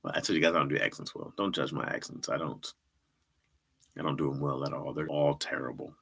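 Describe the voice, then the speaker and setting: A man's voice: a bass voice, steady tone, a little fast, gravelly, fairly bright tone, husky. A man hosting a livestream, chatting casually with viewers in a laid-back, slangy way and laughing often. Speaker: livestream host and comedy writer.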